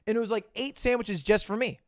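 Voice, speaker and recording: A young man livestreaming, casually telling a story to his chat, swinging between loud bursts and low asides and acting out the dialogue. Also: quick pace, no room sound, clean studio sound. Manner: acts out quoted dialogue.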